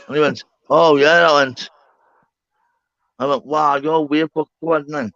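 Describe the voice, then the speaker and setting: Excitable sweary man telling a story. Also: a little high, moderate pace, long pauses, no echo. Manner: excitable, sweary, acts out both sides of the story. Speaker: streamer. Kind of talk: animated storytelling on a live panel. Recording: slightly dull lo-fi call audio.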